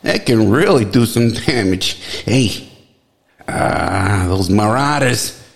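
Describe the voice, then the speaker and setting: A man giving mocking comedic commentary, heckling loudly with excited exclamations. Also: on the low side, slow pace, gravelly. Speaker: comedy video host.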